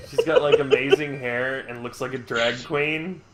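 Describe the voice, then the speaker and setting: A man's voice: mid-range voice, huge pitch swings, slow pace. Chatty American man streaming a game. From United States. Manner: chatty, laughs often, shifts between loud bursts and quiet asides. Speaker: streamer host. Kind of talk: casual chat while gaming. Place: indoors at home.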